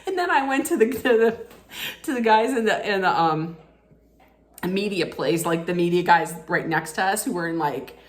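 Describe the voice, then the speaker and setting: A woman vlogger telling a casual story, animated and excitable, laughing often. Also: fairly low pitch, moderate pace, echoey room.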